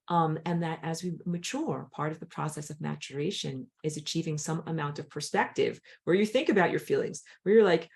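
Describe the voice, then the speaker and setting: Low-voiced lady teaching a spiritual class, dry throat, gets really animated. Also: brisk, creaky, hardly any pauses. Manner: animated, acts out a crying toddler in a high squeak. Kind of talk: online class talk. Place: outdoors on a hot day.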